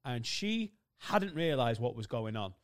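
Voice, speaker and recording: A man's voice: mid-range voice, unhurried. A man hosting a podcast, telling stories in a casual, sweary chat. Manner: animated, sweary storytelling. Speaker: podcast host.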